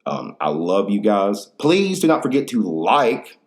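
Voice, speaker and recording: A man's voice: lowish voice, very animated, measured pace. A man in his thirties hosting a casual solo podcast, telling rambling stories full of slang and swearing. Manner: rambling, profane, slangy storytelling. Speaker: podcast host.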